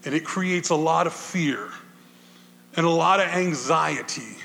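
A male pastor preaching a conversational sermon to his congregation, swinging from loud bursts to quiet asides. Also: unhurried, gravelly, big-room sound. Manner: conversational preaching, animated swings in pitch and volume.

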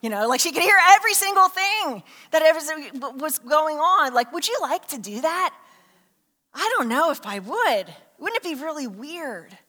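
A woman pastor gives a sermon in a chatty, unpolished way, full of "um"s and restarts. Her voice is bright and slightly high. It echoes with the long reverb of a large church hall. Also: very animated, moderate pace. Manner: conversational, with many fillers and restarts.

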